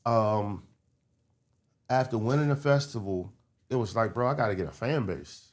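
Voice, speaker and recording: Low-voiced man telling stories animatedly. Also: normal speed. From Baltimore and DC area, US. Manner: animated, slips into city accent impressions. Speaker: comedian guest. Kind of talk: casual podcast storytelling.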